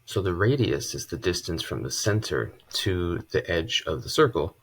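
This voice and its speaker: A man teaching a casual math lesson at a board, relaxed and chatty, with joking asides. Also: low-pitched, normal speed, slightly rough. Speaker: math tutor.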